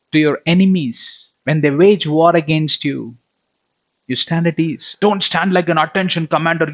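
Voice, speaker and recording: High-voiced man preaching, dull lo-fi sound. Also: measured pace, long pauses. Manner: addresses listeners as beloved, asks checking questions. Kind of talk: sermon.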